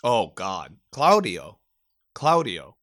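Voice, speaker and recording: A man's voice: fairly low pitch, huge pitch swings, slow, a bit bright. A man in his thirties, a podcast co-host and Marine veteran, telling profane, joking stories in casual chat. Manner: profane, joking storyteller who mimics accents.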